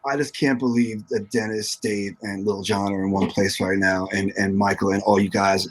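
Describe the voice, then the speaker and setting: A man's voice: on the low side, level tone, moderate pace, hardly any pauses, low-quality recording. A man speaking as a guest drummer in a casual panel chat, emotional and searching for words.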